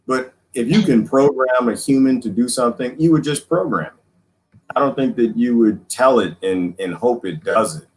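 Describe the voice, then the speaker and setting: A man hosting a casual chat, rambling and animated, laughing often. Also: medium pitch, normal speed, slight background noise, rough recording. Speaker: host.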